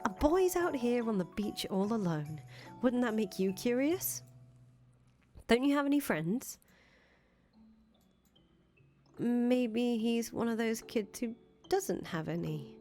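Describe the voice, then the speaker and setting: In fan voice acting for a visual novel, a woman plays an earnest young foreign traveler who chats away and stammers when nervous. Her voice is a little high, expressive, mellow and measured, with soft music in the background. The mood is friendly.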